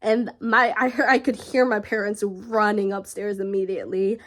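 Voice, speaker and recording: A young woman vlogger telling a personal story in a halting, emotional way, with frequent fillers and pauses. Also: medium pitch, level tone.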